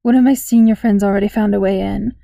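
A woman voicing a bossy, popular teenage girl with a slow, commanding drawl. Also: mid-range voice, fairly even intonation, creaky, dark tone, no echo, clean studio sound, close to an everyday voice.

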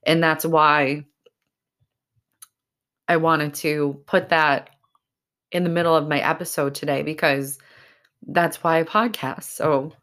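A woman's voice: low voice, steady tone, takes it slowly, pauses often, a bit bright. A woman from Massachusetts hosting her own podcast, talking casually and emotionally, choked up and tearful, with many fillers and restarts. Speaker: podcast host. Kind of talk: casual solo podcast talk.

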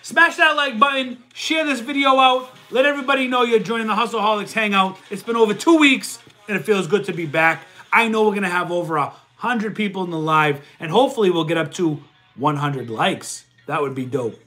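A man hosting a casual livestream, reading viewers' comments and answering them in a loud, energetic way, working sums out aloud. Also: sits high, a little fast, soft background music. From Italian heritage. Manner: loud and energetic, says he yells. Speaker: livestream host answering chat.

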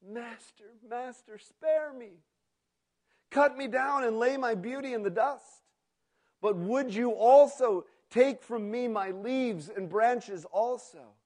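A man voicing a devoted male bamboo plant in a sermon story, pleading in high cries and hushed whispers. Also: slow pace. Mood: anguished pleading.

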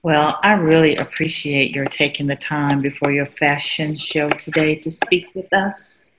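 A woman hosting an interview, encouraging her guest with short affirmations and warm prompts. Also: deep voice, fairly even intonation, measured pace, background noise. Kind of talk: interview host.

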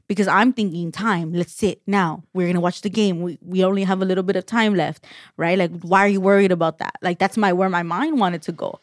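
A woman's voice: fairly low pitch, fairly even intonation, a little fast, dry recording, studio quality. A young woman co-hosting a podcast in casual chat, rambling with lots of "like", restarts and freely dropped swear words. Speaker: podcast co-host.

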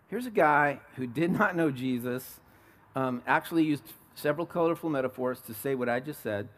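A man's voice: mid-range voice, moderate pace, fairly bright tone. A middle-aged man from California preaching a sermon as a pastor, telling stories and asking the congregation questions.

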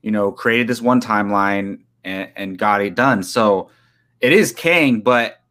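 A man's voice: lowish voice, unhurried, fairly bright tone. A man co-hosting a casual podcast chat, thoughtfully explaining his take. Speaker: podcast co-host. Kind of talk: casual pop-culture chat.

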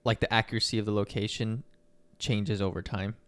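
A man's voice: lowish voice, a little fast, clean tone, no room sound. A young man co-hosting a podcast, chatting casually with fillers and reading news articles aloud. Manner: relaxed, rambling with fillers. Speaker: podcast co-host.

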